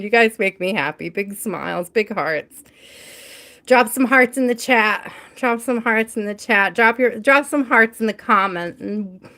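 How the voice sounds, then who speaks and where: A woman hosting a casual live tarot reading, bubbly and quick to laugh, talking to spirit and to her viewers in the chat. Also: a little high, a bit bright. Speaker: tarot reader hosting a livestream.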